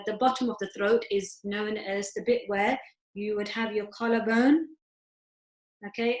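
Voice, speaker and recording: Woman, recitation teacher, patient step-by-step explaining, video call, roomy echo. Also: medium pitch. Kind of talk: online class teaching.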